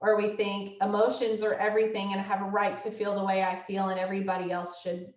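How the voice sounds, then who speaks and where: A woman's voice: mid-range voice, flat delivery, quick pace. Conversational woman counselor, distant roomy sound. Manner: conversational, acts out inner thoughts as quoted asides; checks in with listeners. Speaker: school counseling director. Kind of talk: presentation to parents. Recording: distant, roomy, dull audio.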